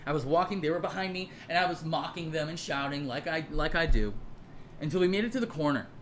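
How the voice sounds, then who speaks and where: A mid-range voice speaks fast over slight background noise. The speaker tells a personal story in a casual monologue that's heated and profane, rambling with frequent repeats and restarts.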